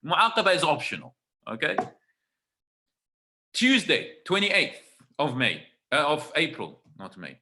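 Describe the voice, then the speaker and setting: A man's voice: on the high side, huge pitch swings, unhurried, long pauses, bright, forceful tone, a little hiss or hum. Emphatic man teaching on a video call. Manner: emphatic, repeats phrases, asks the audience "right?". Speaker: webinar speaker.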